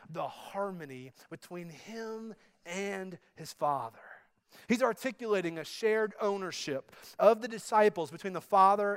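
A man pastor preaching a sermon, emphatic and slowing down to stress quoted verses. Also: high voice, a bit bright.

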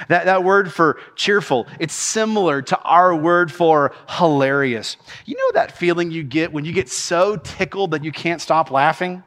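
With a long reverb tail behind him, this middle-aged senior pastor preaches in a slightly high voice, unhurried yet with hardly any pauses. He tells animated stories through the sermon and laughs as he goes.

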